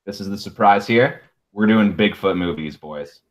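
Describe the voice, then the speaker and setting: A man's voice: fairly low pitch, normal speed, background noise. A man hosting a casual movie podcast, talking in a laid-back way with plenty of swearing and fillers. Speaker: podcast host.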